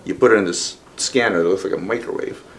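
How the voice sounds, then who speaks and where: A middle-aged man from Ukraine, a watch dealer, telling stories in casual chat, animated and swearing freely. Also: low-pitched, fast, noisy background. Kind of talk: casual storytelling.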